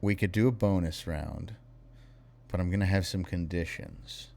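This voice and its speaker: A tired young man live-streaming, reading viewer messages aloud in a wry, unhurried way. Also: low-pitched, creaky, a little mellow, slight background noise.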